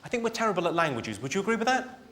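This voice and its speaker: A British man performing live stand-up, delivering one-liners in a dry, deadpan way on a comedy stage. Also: sits high, rapid-fire, a crowd in the background. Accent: British English.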